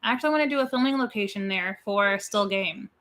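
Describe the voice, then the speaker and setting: A woman from Pasadena co-hosting a casual horror livestream, chatty and quick to laugh. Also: medium pitch, fairly bright tone. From Pasadena, California. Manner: chatty, laughs easily, announces plans. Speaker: co-host of a horror watch-party livestream.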